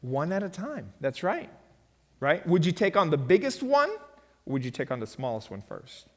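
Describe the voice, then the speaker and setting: A man, a pastor, teaching a church finance lesson in a lively storytelling way and quizzing his audience. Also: on the high side, moderate pace. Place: church hall. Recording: long hall reverb.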